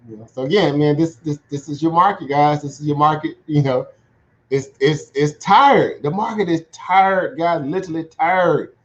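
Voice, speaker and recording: A man's voice: on the high side, normal speed. A man giving casual livestream commentary on the markets in a chatty way, laughing often and checking in with "right?". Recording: dull lo-fi sound.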